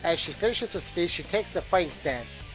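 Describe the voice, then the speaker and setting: A man's voice: a little high, lively intonation, moderate pace, over music. A man reading a game's narration aloud during a playthrough, tired and bored, with small slips and asides. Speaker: gameplay commentator reading game text aloud.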